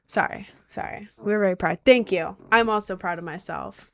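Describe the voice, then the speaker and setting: A woman's voice: mid-range voice, moderate pace, vocal fry, fairly bright tone. A woman in her twenties chatting casually as a streamer, out of breath, giggly and rambling. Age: 20s. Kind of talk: casual chat.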